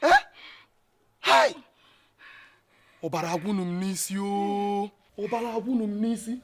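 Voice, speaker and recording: An actor with a Nigerian Pidgin accent playing an excitable, gossipy male household worker who exclaims loudly and mixes in Igbo. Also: sits high, normal speed. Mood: animated gossip. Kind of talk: film comedy acting. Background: film score music.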